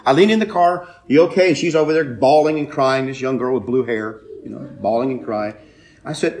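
Animated storytelling preacher man. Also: medium pitch, a little fast. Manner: animated storytelling, swings between loud emphasis and quiet asides. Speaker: pastor. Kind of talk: sermon with personal story.

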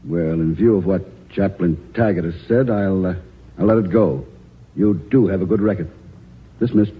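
A stern army captain, brisk and commanding, his voice husky and of middling pitch. It comes through a dull, lo-fi 1940s radio recording. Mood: measured.

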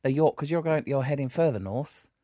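A man's voice: medium pitch, brisk, mellow, dry recording, clean studio sound. Rambling male podcast host. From based in Liverpool. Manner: rambling, self-correcting, jokey. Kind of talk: live podcast interview.

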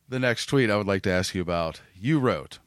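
A man hosting a podcast interview, joking and laughing easily. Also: fairly low pitch. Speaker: podcast host. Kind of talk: casual interview.

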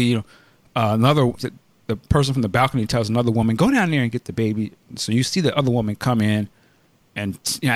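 A man hosting a podcast, retelling a news story in casual chat and acting out quoted shouting. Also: medium pitch, no room sound. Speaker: podcast host.

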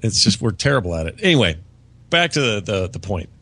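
A man's voice: lowish voice, sing-song, brisk, fairly bright tone, no echo. A man co-hosting a podcast in casual chat, rambling with many fillers and restarts. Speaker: podcast co-host. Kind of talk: casual chat reviewing a TV season. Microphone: podcast studio mic.

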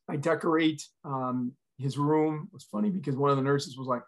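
A man's voice: a little high, moderate pace. A middle-aged man, a retired fire chief, telling a personal story in an earnest, emotional way as a podcast guest.

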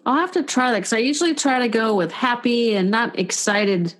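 A woman's voice: on the high side, fairly quick. A woman from California chatting casually as a guest about caring for her mother, with chatty, joking complaints. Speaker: guest, caregiver. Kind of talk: casual conversational chat.

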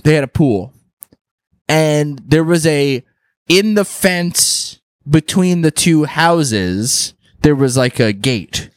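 A man in his thirties chats on a podcast with a slightly raised voice, laughing through his stories and swearing freely. He puts on quick voices for the people he quotes. The sound is dry and close. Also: a little high, animated, no room sound. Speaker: podcast co-host. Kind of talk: casual chat, storytelling. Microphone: podcast studio mic.

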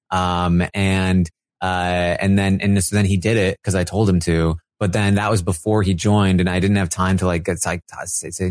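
A man co-hosting a podcast, casually recapping events and acting out what people said in animated voices. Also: no echo, clean studio sound. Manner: animated, acts out quotes in high put-on voices. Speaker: podcast co-host.

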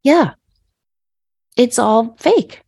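A middle-aged woman hosting a podcast, telling a personal story in a conversational way. She is animated and laughs as she acts out her own yelling. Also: a little high, very slow, vocal fry, breathy edge. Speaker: podcast host.

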